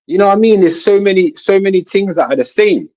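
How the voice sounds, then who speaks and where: A man telling a long personal story in a casual panel talk, rambling and animated, often asking "you know what I'm saying". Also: high-pitched, fast talker. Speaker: guest. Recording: dull lo-fi sound.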